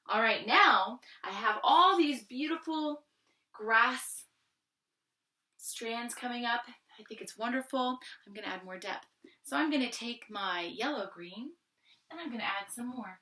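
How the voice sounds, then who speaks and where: A woman's voice: fairly high pitch, lively intonation, measured pace, distant mic. Encouraging art teacher woman, echoey room. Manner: gentle, encouraging, thinks aloud while drawing. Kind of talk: friendly step-by-step art lesson.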